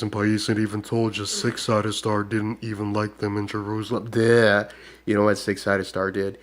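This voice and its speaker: Man, Hmong accent, low monotone, rambling psychic monologue, scornful asides. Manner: ends phrases with a scornful "duh". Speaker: self-styled psychic shaman.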